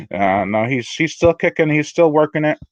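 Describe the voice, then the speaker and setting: A man's voice: on the high side, no echo, low-quality recording. A man hosting a live unboxing stream in a casual, rambling, self-deprecating way, often restarting his sentences. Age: adult. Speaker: horror channel host.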